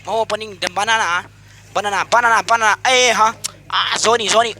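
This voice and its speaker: A man's voice: high voice, fairly even intonation, a little fast, pushed and bright, a little hiss or hum. A man hosting an eating contest among friends, calling it like playful sports commentary, teasing the players and laughing often. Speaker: host commentating a mukbang contest.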